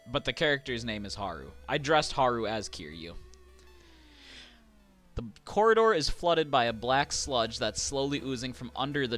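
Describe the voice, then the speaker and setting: A man streaming a horror game, casually chatting, reading game text aloud and getting excitable. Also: mid-range voice. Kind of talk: casual let's-play commentary.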